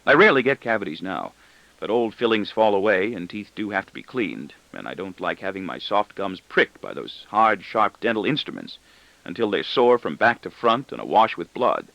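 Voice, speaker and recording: A man's voice: lowish voice, creaky, sharp tone, dry recording. A man narrating an audiobook in a wry, brooding first-person reading. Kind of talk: scripted narration. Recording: dull dry lo-fi recording.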